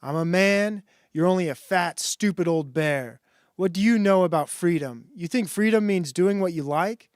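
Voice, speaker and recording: A scornful, bullying male ape from a storybook, talking down to everyone in a slow, sneering drawl, as a man reads him aloud. He sits a bit higher and louder than an everyday voice, pushy and domineering, and the sound is close and dry. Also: no echo, close to an everyday voice.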